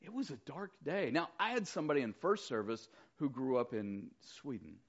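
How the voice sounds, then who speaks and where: A middle-aged man preaching a sermon as pastor, conversational and animated as he retells the story. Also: mid-range voice, normal speed, highs cut off.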